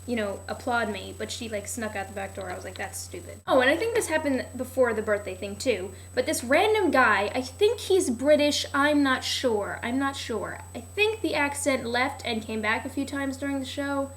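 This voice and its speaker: A woman's voice: sits high, lively intonation, moderate pace, few pauses, a little hiss or hum. A young woman vlogging a casual, rambling recap of a TV show, sarcastic and full of "like", often losing her place.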